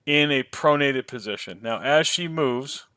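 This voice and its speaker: A man co-hosting a podcast, talking in an emphatic, exasperated and animated way. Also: medium pitch, unhurried, no echo. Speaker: podcast co-host. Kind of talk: casual podcast discussion.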